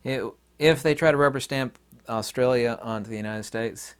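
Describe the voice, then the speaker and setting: A man's voice: medium pitch, moderate pace, smooth. A man in mid-range voice talking straight to his audience in a loose, opinionated monologue. He wanders through asides and fillers while making his case, chuckling wryly between points. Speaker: channel host.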